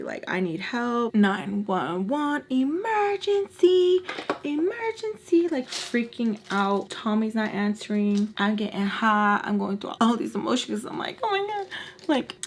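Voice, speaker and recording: A young woman vlogger telling a personal story in casual chat, animated and acting out what people said, with lots of "like". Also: mid-range voice, vocal fry. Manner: animated, acts out quotes, frequent "like".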